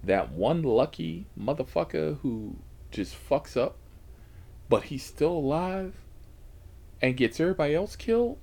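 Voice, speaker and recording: Speaking a little slowly in a fairly high, warm, creaky voice, the rideshare driver and channel host is expressive as he tells the camera casual stories about driving for a ride service. He curses freely, laughs, and drops into whispered asides.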